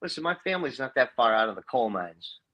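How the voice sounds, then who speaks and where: A man's voice: medium pitch, very animated, quick pace, highs cut off. A middle-aged man from Ohio, an expert guest on a video call, explaining in a casual way with many hesitations and self-corrections. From Ohio, west side of Cleveland.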